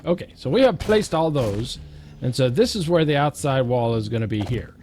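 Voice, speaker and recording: A man's voice: medium pitch, expressive, moderate pace, a little mellow, a little hiss or hum. A man giving casual, playful gameplay commentary, chanting counts and joking at his own expense. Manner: self-mocking, goofy asides.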